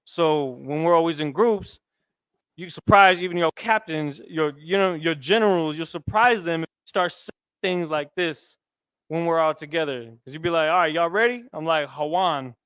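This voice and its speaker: A Hebrew teacher runs his class in a relaxed, conversational manner, throwing questions out to his students at a moderate pace. His voice is a bit high, smooth and clear. The recording is dry and close, with no echo.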